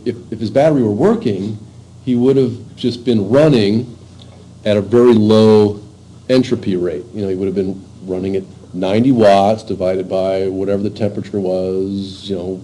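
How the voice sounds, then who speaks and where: Man lecturing casually with a mellow voice. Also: lowish voice, fairly even intonation, low-quality recording. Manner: informal, halting, many fillers and restarts. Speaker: university lecturer. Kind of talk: classroom lecture.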